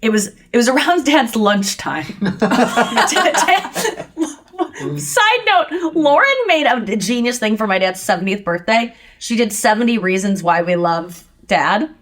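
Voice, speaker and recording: A woman hosts a podcast in casual chat, telling stories with lots of animation, acting out what people said and laughing often as she talks. Her voice is a little high, and her pace is slow.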